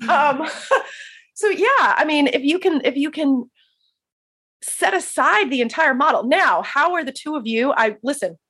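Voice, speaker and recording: A woman, a hospice chaplain, talking as a podcast guest in an animated storytelling way and laughing often. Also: sits high, a little slow. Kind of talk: casual podcast interview.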